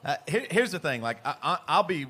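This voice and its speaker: A man's voice: fairly high pitch, brisk. An American man and podcast co-host, telling rambling, laughing stories to a live pub crowd. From United States. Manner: animated, laughing, rambling with restarts. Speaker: podcast co-host and band singer.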